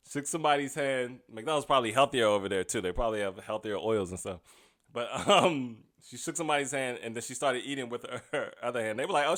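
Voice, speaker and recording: A man's voice: mid-range voice, fairly bright tone. A comedian and podcast host giving a casual comedic monologue. He is chatty and often laughs at his own jokes.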